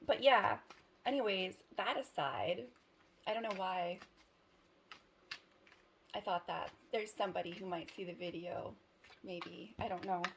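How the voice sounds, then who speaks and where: There's a creaky, lowish quality to this woman's voice, and some background noise can be heard. As a tarot reader addressing the camera, she keeps things casual, rambling, giggling, and stopping herself before finishing her thoughts.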